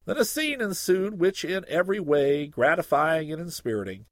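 Man, humorous story reading, expressive, lively melody, dry close sound. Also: on the high side, normal speed, no echo.

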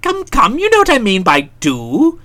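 A woman reading an audiobook who voices a breezy, chatty young English gentleman in a bright, jaunty manner. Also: on the high side, huge pitch swings, moderate pace, voice pushed up. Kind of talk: audiobook character voice.

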